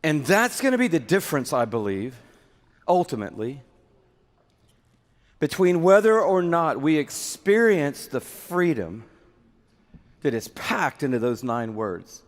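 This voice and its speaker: A man's voice: fairly high pitch, a little slow, long pauses. Man preaching in a big echoey hall. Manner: animated, acts out little skits with props. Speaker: pastor. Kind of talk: sermon. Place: large hall with audience. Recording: reverberant hall.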